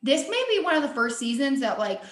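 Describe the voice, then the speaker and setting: A young woman co-hosts a podcast, chatting casually and filling her speech with lots of "like." Her high, sing-song voice moves a little fast and sounds reverberant.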